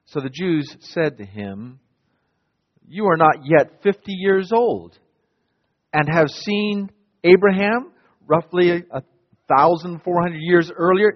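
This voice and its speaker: A man preaching a sermon as a pastor, dramatic and emphatic, swinging from loud declarations to hushed lines. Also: sits high, lively intonation, measured pace. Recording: dull long-reverb hall sound.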